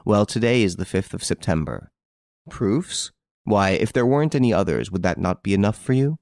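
A man voicing a cool, assured gentleman detective in an audiobook, speaking firmly and insistently. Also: fairly low pitch, lively intonation, normal speed, no echo. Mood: accusing. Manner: firm, insistent, accusing.

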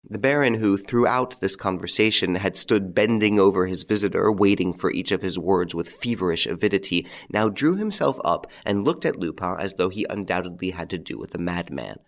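Man, audiobook narrator, measured dramatic reading, very low voice, lively pitch. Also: creaky. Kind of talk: scripted narration.

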